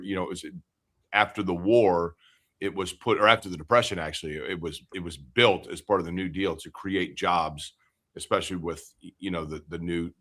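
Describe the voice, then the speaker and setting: A man's voice: low voice, fairly bright tone. A man co-hosting a casual sports talk show from his home studio, chatty and joking. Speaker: podcast co-host.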